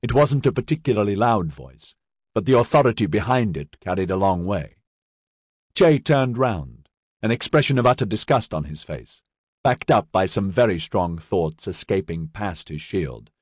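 A man narrating an audiobook in a measured, expressive reading. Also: fairly low pitch, breathy edge, no echo, studio quality. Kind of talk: scripted narration.

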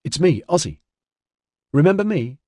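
Frustrated blunt young man as voiced by a male narrator, husky voice, lively pitch, dry close recording. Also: normal speed, no echo. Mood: pleading. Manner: blunt, exasperated.

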